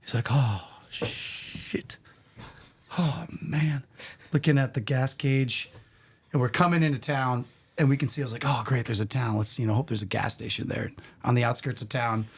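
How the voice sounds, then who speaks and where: A middle-aged man, a podcast guest, telling casual stories in an animated, rambling way full of restarts. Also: medium pitch, fairly quick, slightly rough. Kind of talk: casual storytelling.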